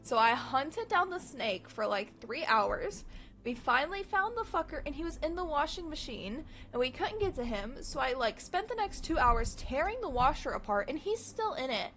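A woman streamer chatting casually with her live audience, chatty and animated, swearing freely. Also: high voice, moderate pace.

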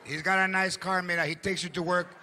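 A man in his forties doing animated stand-up comedy, shouting punchlines on stage at a live show with audience laughter. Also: sits high, a little fast, noisy background.

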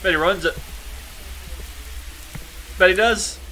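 A man commentating a horror game as he plays, loud, excitable and swearing. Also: on the high side, slow, a little hiss or hum. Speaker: gaming YouTuber.

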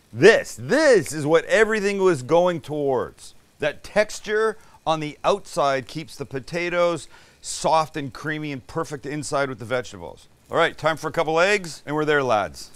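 This cooking host from Canada chats enthusiastically through a casual demo in his home kitchen, cursing from time to time. His voice is a little high and slightly bright.

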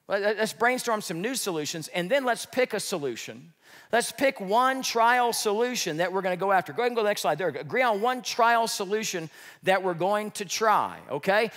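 Male pastor, higher register, lively joking sermon delivery, long church-hall reverb. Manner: lively, joking, acts out quoted speech.

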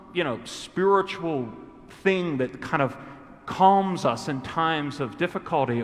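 A priest giving a homily in a loose, conversational way with fillers, growing fervent as he stresses his points. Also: fairly high pitch. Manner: conversational, many fillers, building to fervent emphasis. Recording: church reverb, long echo.

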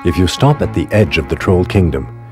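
Very deep-voiced man reading solemnly. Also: lively intonation, fairly quick, music in the background. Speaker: documentary reader. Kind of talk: scripted literary reading.

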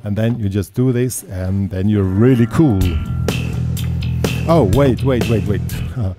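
A man giving a casual guitar lesson, talking in a relaxed, chatty way and counting in and scatting rhythms. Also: lowish voice, a little slow. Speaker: guitar teacher. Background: electric guitar playing.

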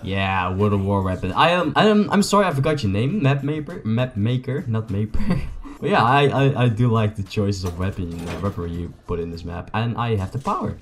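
A young man, a native Dutch speaker, gives excitable, joking, rambling commentary to his viewers as he plays a video game. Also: lowish voice, brisk. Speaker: gaming YouTuber. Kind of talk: casual gameplay commentary.

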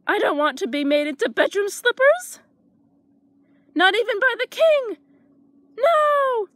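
A woman's voice: high-pitched, very animated, fairly quick, fairly bright tone, dry recording, clean studio sound. A woman voicing a timid, jittery male dragon who stammers and panics. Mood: panicky.

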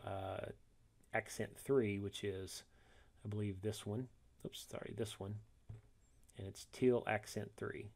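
A man walking through a software tutorial step by step, reading each instruction and then demonstrating it, correcting himself along the way. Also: on the low side, gravelly. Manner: methodical, reads steps then demonstrates, self-corrects.

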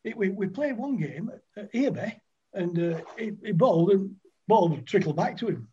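A man's voice: sits high, lively intonation, normal speed, dark tone, dull audio, a little hiss or hum. An older man telling rambling cricket-club anecdotes in a casual chat, often laughing. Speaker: guest, former cricketer. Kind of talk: casual storytelling.

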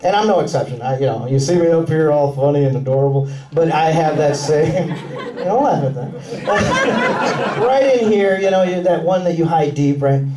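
A man doing a stand-up comedy set with a punchy, animated delivery and quick put-on voices. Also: on the high side. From Mexican family roots. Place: comedy club on stage. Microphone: handheld stage mic. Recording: roomy club sound with laughing crowd, taken from far off. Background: audience laughter.

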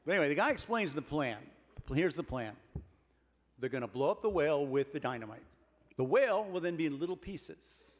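Wry man telling a story in an echoey hall. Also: fairly high pitch. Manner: deadpan, wry, building jokes with pauses. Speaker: keynote speaker. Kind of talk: comic storytelling speech. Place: large banquet hall with a dinner audience. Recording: reverberant banquet hall, faint room noise.

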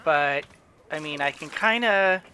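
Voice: mid-range voice, unhurried, sharp tone, clean tone. A gamer giving casual gameplay commentary, rambling with frequent restarts and chuckling to themself. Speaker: let's play gamer.

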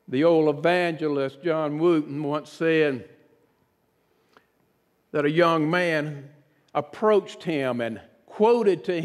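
High-voiced pastor preaching in an echoing church. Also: male voice. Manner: earnest, dramatic preaching with sudden drops to a hush. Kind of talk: sermon. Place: church sanctuary. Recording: reverberant church sanctuary.

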